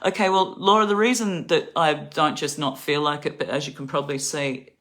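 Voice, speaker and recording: A woman's voice: low-pitched, fairly even intonation, a little fast, a bit bright. A middle-aged woman with an Australian accent, ranting angrily and profanely about politics to her viewers, sounding tired. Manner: angry, profane, rambling. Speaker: livestreamer. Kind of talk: political rant to camera.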